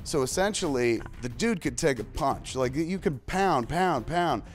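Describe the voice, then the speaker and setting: A man in his forties co-hosting a casual comic-book debate, animated and swinging between loud and quiet, acting out the characters he quotes. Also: on the high side, unhurried, faint music behind. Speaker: co-host.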